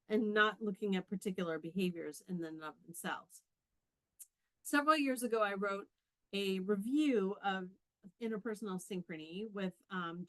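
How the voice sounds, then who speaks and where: Middle-aged woman professor from Canada, quick explanatory lecture delivery, mid pitch. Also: dry recording, rough recording. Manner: fast-talking, explanatory. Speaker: communication professor. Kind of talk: conference lecture.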